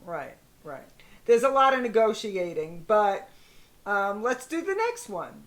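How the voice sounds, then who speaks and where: A woman in her sixties, co-hosting a casual chat, talkative and quick to laugh. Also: sing-song. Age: 60s. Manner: chatty, laughs often, acts out parents' phrases in a high sing-song voice. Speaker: co-host.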